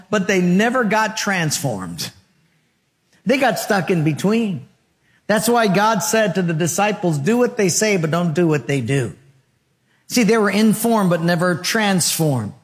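A man's voice: sits high, big-room sound. A man preaching a sermon to a congregation, asking rhetorical questions and telling stories with voiced quotes. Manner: storytelling with voiced quotes and laughter. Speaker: pastor.

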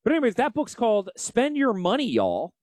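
A man with a Yankee accent hosting a financial show, brash and salesy in a folksy promotional pitch. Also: huge pitch swings, a little fast, a little mellow, dry recording. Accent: Northeastern US. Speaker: financial advisor and show host. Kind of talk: promotional radio talk.

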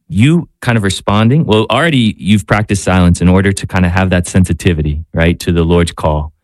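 A man's voice: low voice, darkish tone, dry recording, clean studio sound. A man, a priest serving as spiritual director on a radio show, speaking reflectively and searching for words. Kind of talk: radio talk show discussion.

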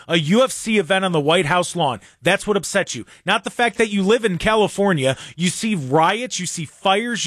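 A man's voice: sits high, fairly bright tone, no room sound, clean studio sound. A man hosting a political talk show, mocking and sarcastic in his commentary.

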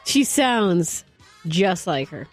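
A woman's voice: on the low side, sing-song, extremely slow, soft background music. A woman hosting a radio morning show, upbeat and laughing as she promotes a ticket giveaway. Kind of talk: radio talk and contest promo.

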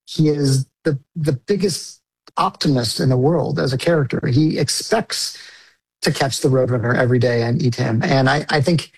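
A man's voice: medium pitch, moderate pace, breathy edge, poor audio. A man, a film director, answering an interview casually and with enthusiasm, using filler words often.

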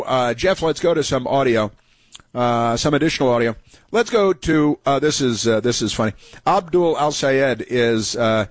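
A man's voice: mid-range voice, no room sound. A man hosting a talk radio show, indignant and sarcastic, rambling with many fillers as he introduces audio clips. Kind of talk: opinionated talk radio commentary.

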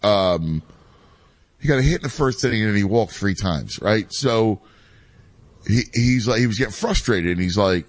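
A man's voice: fairly low pitch, moderate pace, dry recording. A man in his forties in casual chat, talking in a rambling way with many restarts. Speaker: youth baseball coach and father, co-host.

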